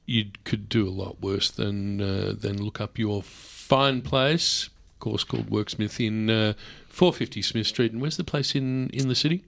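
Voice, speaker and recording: A man hosting a casual radio chat, chatty and excitable, often jumping in. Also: fairly low pitch, unhurried, vocal fry, hardly any pauses. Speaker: radio host.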